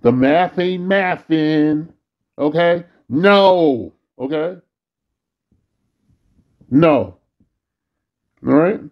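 A man's voice: fairly high pitch, extremely slow, pauses often, lo-fi sound. A man delivering a bitter, weary, profanity-heavy monologue as a vlogger. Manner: bitter, weary ranting, frequent cursing.

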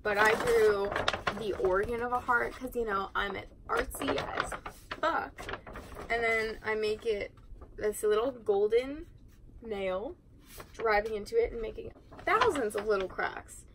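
A woman's voice: on the high side, a little slow, background noise. A teenage girl chatting casually while cleaning her room, sarcastic and swearing freely. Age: teens. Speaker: vlogger.

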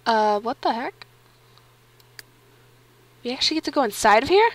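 A woman giving casual, excitable commentary while playing a life-sim game, giggling and reading on-screen text aloud. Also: on the high side, normal speed. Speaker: let's play gamer. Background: faint game music.

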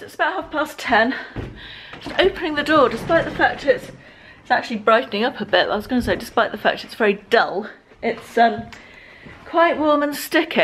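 A woman's voice: fairly high pitch, fairly bright tone, slight background noise. An English woman in her fifties chatting through her day in a rambling, self-mocking daily vlog, filmed on a handheld camera in her car and at home. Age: 50s. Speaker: lifestyle vlogger. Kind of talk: casual daily vlog chat.

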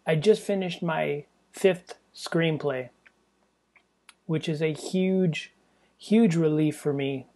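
A man's voice: fairly high pitch, a little mellow. A man hosting his own podcast, talking alone in a loose, rambling way with self-deprecating jokes and profane asides. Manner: drops into a mock English accent for jokes. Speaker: podcast host. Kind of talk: casual solo podcast monologue.

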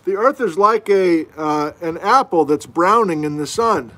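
A middle-aged man with a fairly high voice talks through a relaxed geology lesson streamed from his house. He chats easily and folksily, and he pokes fun at himself as he answers viewers. It sounds like a webcam or desk mic in a home room. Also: measured pace. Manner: chatty, folksy, self-deprecating asides. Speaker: geology instructor hosting a livestream. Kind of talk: casual livestream lesson answering viewer questions. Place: at home, indoors.

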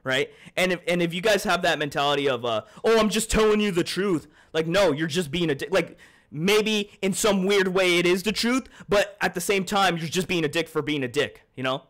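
Male game streamer, a little high-pitched, rambling and profane, talking straight to chat. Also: brisk, a bit bright. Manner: heated then apologetic. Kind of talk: live-stream chat while gaming.

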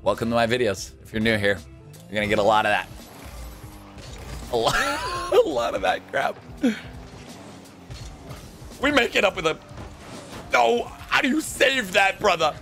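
A young man gives running commentary over a match, his voice sitting a little high and swinging wildly up and down. He is excitable and jokey, breaking into shouts and laughs, with faint music playing behind him. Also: measured pace, creaky, long pauses. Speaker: gaming YouTuber. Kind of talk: live gameplay commentary.

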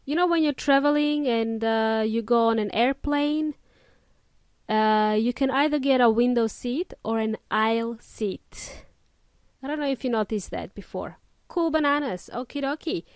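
A woman's voice: on the high side, a little slow, clean tone, no echo. A woman hosting a podcast English lesson, explaining words in an upbeat, chatty way with casual slang. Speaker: English teacher and podcast host.

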